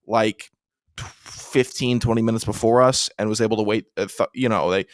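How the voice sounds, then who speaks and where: A man's voice: lowish voice, fairly even intonation, normal speed, dry recording. A young man co-hosting a sports podcast, chatting casually and teasing his co-host with dry banter. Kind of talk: casual chat.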